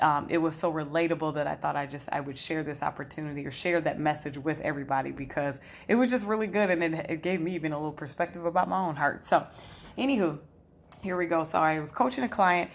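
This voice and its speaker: A woman with a low, full voice talks casually as a life coach, teaching from a whiteboard. She chats like a storyteller, stopping to act out what people said. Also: brisk. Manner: chatty storyteller who acts out quotes.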